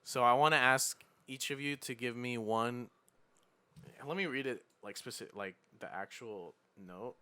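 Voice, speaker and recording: A young man hosting a podcast in casual chat, relaxed and quick to laugh. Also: medium pitch, clean tone. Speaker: podcast host asking questions.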